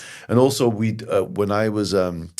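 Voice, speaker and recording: Animated Scottish man telling anecdotes. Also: lowish voice, normal speed. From Scotland. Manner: animated storyteller, lively anecdotes and jokes. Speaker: podcast guest, comedy writer and actor. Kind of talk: casual interview chat.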